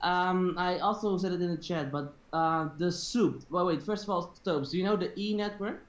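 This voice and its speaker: A man's voice: high voice, moderate pace, reverberant. A man calling in to a live show, sarcastic and bantering. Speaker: caller. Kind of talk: call-in chat.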